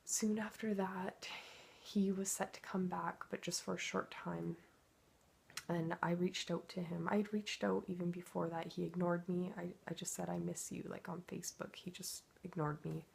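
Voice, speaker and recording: Raspy low-voiced woman telling her story. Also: flat delivery, normal speed, darkish tone. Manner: emotional, confessional retelling with quoted inner thoughts. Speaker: twin flame coach. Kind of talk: personal storytelling vlog.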